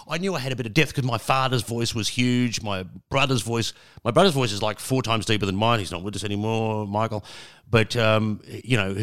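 A man's voice: on the low side, fairly quick, fairly bright tone. A middle-aged Australian man telling stories as a guest in a casual interview, rambling and self-mocking, with lots of fillers. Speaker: guest, radio broadcaster.

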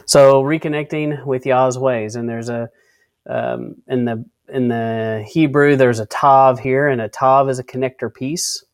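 A man's voice: medium pitch, fairly even intonation, unhurried, clear, resonant tone, no echo. A man co-hosting a casual Bible-study discussion, often restarting his sentences and reading out word definitions. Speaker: co-host of a faith discussion.

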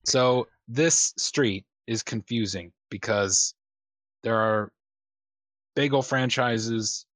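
A man's voice: mid-range voice, slow pace, fairly bright tone, no echo. Rambling man on a game stream. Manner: rambling, swearing, filler-heavy. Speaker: tabletop game player. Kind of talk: casual streamed game chat.

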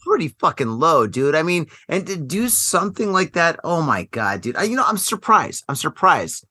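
A man's voice: a little high, sing-song, normal speed, bright, forceful tone, breathy edge, no echo. A man co-hosting a casual news podcast, telling a story bluntly with heavy swearing. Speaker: co-host.

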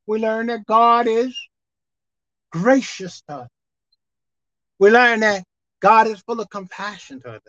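A woman pastor preaching a sermon, swinging from soft, quiet asides to shouted emphasis. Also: mid-range voice, expressive, measured pace, long pauses, dry recording. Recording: dull dry sound.

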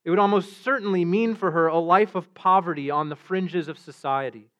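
A man's voice: sits high, fairly quick, fairly bright tone. A man preaching a sermon as pastor, earnest, often repeating words as he restarts. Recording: dull lo-fi sound.

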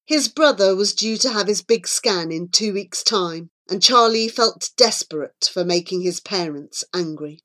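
A woman reading a children's novel aloud as narrator with expressive, measured storybook narration. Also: medium pitch. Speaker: audiobook reader.

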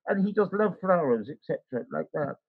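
A man's voice: on the high side, lively intonation, fairly quick, creaky, husky, narrow, tinny audio. An older man telling a rambling personal story in casual chat, acting out the voices of the people in it. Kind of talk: casual anecdote.

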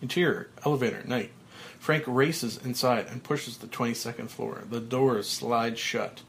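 Male script reader, measured and low-key, mid-pitched. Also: vocal fry, fairly bright tone, slight background noise. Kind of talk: reading a film script aloud.

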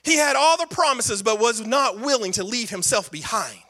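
Brief: male pastor, emphatic repeating preacher with jokey asides, high bright voice. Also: lively intonation, moderate pace. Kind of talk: sermon.

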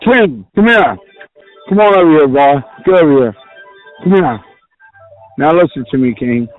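A man on a phone line, loud and gruff, shouting for his dog. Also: on the high side, lively intonation, moderate pace, soft background music. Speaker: caller.

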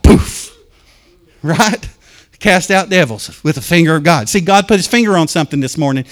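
A man preaching a fervent sermon to a congregation, telling stories and talking straight to the people in church, swinging from loud to hushed. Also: on the high side. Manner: addresses congregation directly. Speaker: pastor.

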